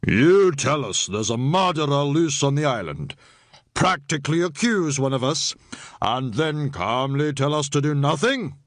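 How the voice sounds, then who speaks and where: A man's voice: mid-range voice, expressive, slow, a bit bright, no room sound, studio quality. A man playing a pompous, indignant orator. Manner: orator's voice, haughty.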